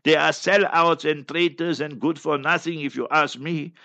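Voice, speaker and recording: A man's voice: a little high, fairly even intonation, moderate pace, vocal fry, sharp tone. A South African man, an Islamic scholar, giving fiery religious commentary in a combative, scornful way with many repeated phrases. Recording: dull lo-fi recording.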